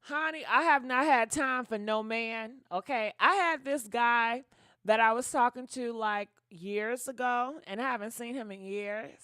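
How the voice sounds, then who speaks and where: High-voiced chatty woman livestreamer. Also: a little slow, a bit bright, clean tone, no echo, clean studio sound. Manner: chatty, dramatic, laughs and thanks donors. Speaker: gossip channel host. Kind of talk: casual livestream chat with viewers.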